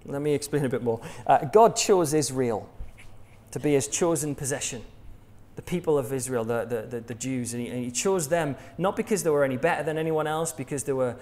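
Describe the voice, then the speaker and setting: A man's voice: mid-range voice, fairly quick, a little mellow. An English man preaching a sermon in a jokey, conversational way, laughing at his own jokes. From England.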